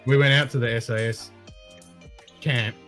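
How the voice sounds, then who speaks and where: A man's voice: mid-range voice, steady tone, moderate pace, a bit bright, faint music behind. A man co-hosting a casual chat, laid-back and agreeable, swearing freely as he tells stories.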